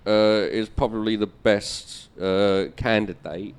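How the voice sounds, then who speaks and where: A comedian hosting a political chat show, blunt and profane, ranting about politics. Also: male voice, fairly low pitch, steady tone, a little slow, clear, resonant tone. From England. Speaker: comedian and podcast host.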